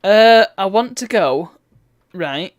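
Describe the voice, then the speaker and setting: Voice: mid-range voice, expressive, takes it slowly, no echo, highs cut off. A streamer giving wry, bemused commentary while reading a game's text aloud. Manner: wry, bemused asides between read-out lines.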